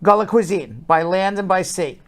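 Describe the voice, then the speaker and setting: A man reading a scripted voice-over for a show report in a measured, informative way. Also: sits high, expressive, fairly bright tone.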